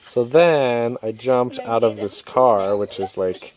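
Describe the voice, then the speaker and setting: A man's voice: medium pitch, slow, a little mellow. A young man vlogging at night from a stalled vehicle, telling his travel story in a chatty, exasperated way full of "like" and acted-out quotes. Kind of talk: casual video diary storytelling. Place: inside a stalled vehicle at night by a rural road.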